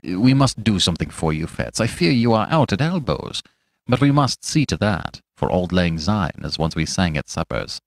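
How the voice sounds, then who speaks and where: A man voicing a wealthy white-haired older doctor who speaks in a hushed, hurried and falsely polite way. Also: sits low, sing-song, no echo, studio quality. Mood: flustered politeness.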